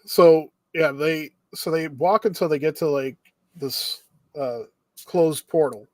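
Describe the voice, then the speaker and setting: A man's voice: a little high, takes it slowly, no room sound. A young man co-hosting an anime review chat, steadily summarizing plot with occasional ums and uhs. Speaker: anime review podcast co-host. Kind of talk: casual chat.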